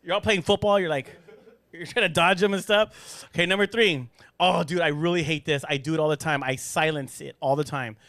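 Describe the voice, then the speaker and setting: A man hosting a casual podcast chat in a studio, animated and joking, laughing often. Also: a little high, brisk, no room sound. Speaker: podcast host.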